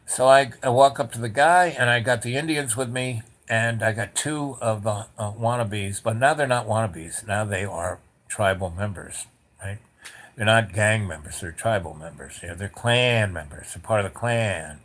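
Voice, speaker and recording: A man's voice: lowish voice, normal speed, a bit bright. Rambling man telling a story. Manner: rambling, with many restarts and asides; blunt, with casual swearing. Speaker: podcast host. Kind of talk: casual storytelling.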